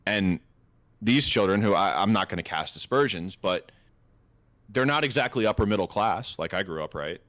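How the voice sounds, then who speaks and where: Deep, lively young man telling a story. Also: moderate pace, no room sound. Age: 20s. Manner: rambling and profane, with many fillers and restarts. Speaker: podcast co-host. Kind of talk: casual storytelling chat.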